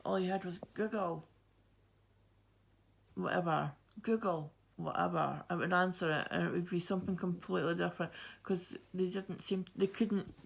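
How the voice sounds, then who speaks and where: A woman with a Fife Scottish accent talks in a relaxed, chatty way while she stitches. Her voice has a gravelly, fry-edged texture, and she often laughs as she rambles through her anecdotes. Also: on the low side, fairly quick, few pauses. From Scotland. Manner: rambling, laughs often, many fillers and restarts. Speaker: cross-stitch vlogger.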